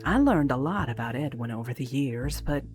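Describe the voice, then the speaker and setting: A woman voicing a brisk, worldly female lawyer who sounds dry and guarded. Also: very deep voice, lively intonation, darkish tone, faint music behind.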